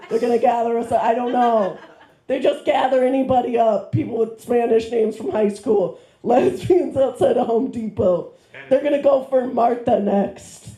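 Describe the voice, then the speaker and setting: In a comedy club, a woman holding a mic rambles through her stand-up set, full of fillers and jokes at her own expense. Her voice is slightly high and warm, and the room's club acoustics come through in the recording.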